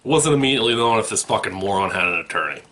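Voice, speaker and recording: A low-pitched man reads the news in a mocking, profane way, his voice swinging up and down as he rants. His tone is bright and forceful. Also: animated, rapid-fire. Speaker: news show host. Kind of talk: parody news reading.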